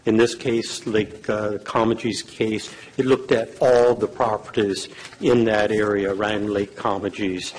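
A man giving legal advice at a public meeting, in a measured, halting way with many fillers, and losing his voice. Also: on the low side, flat delivery, low-quality recording. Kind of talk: advising at a council meeting.

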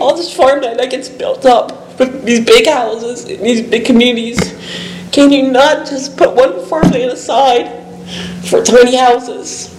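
A woman with a high voice speaks at a public meeting with an emotional, pleading tone and a catch of nervous laughter. The room is echoey, and a faint hiss sits under her voice. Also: steady tone, measured pace, darkish tone. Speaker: public commenter. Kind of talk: public comment at a town meeting.

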